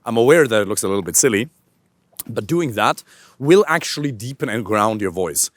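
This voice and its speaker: A male coach giving an energetic, animated instructional talk to camera outdoors in a park. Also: fairly low pitch, fairly quick, no echo. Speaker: dating and voice coach.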